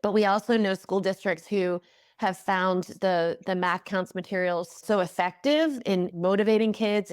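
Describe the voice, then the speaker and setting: A woman's voice: on the low side, no echo, studio quality. A woman being interviewed as the head of a math organization, explaining its programs in an earnest, enthusiastic way. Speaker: executive director of a math organization, guest. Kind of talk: interview answers.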